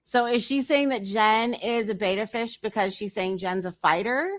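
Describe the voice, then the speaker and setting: A woman's voice: mid-range voice, normal speed, no room sound, studio quality. A woman streamer giving reaction commentary on a clip, incredulous and teasing as she talks back to it.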